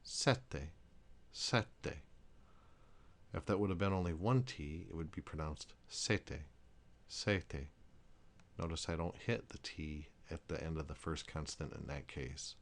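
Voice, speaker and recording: A man's voice: extremely low pitch, steady tone, fairly quick, creaky, hardly any pauses. A man teaching a language lesson, explaining pronunciation rules carefully and repeating each example word.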